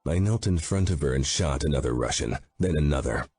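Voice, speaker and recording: A man's voice: extremely low pitch, expressive, a little fast, darkish tone, breathy edge. A man narrating a first-person audiobook in a grim, intense manner.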